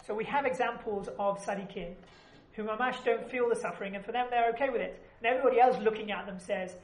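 A woman's voice: medium pitch, quick pace, hardly any pauses. A woman teaching an informal class, chatty and often asking "right?" as she explains. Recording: echoey room, background noise.

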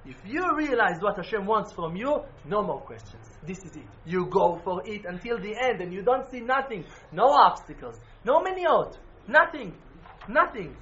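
Man, emphatic religious teacher; high-pitched, faint background noise on a muffled recording. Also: big pitch swings, normal speed. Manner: emphatic, swings from loud exclamations to quiet intensity. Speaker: Breslov Hasidic teacher. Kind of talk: impassioned religious talk.

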